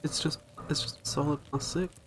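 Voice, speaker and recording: A tired man mutters and rambles to himself as he plays on stream, his voice sitting a little high for a man. He sounds worn out and yawns his way through the commentary, with a faint hum of ambience behind him. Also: steady tone, a little fast, fairly bright tone. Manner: talks to himself while playing, tired and rambling. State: tired, yawning. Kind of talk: casual gameplay commentary.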